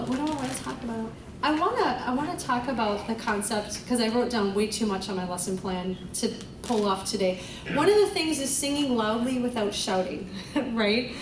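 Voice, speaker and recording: A woman's voice: medium pitch, noisy background. A woman leading a choir vocal class, explaining technique in a chatty way and singing the exercises to demonstrate. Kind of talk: group voice lesson. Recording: echoey room, voice from far off, music behind.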